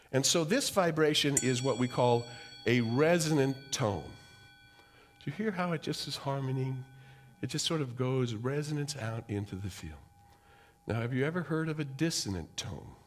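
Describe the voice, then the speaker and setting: A man giving a sermon as a guest speaker, with dramatic, drawn-out emphasis and questions put to the audience. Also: medium pitch. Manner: dramatic, drawn-out emphasis with wide swings in loudness; preacherly, asks the audience questions. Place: church hall.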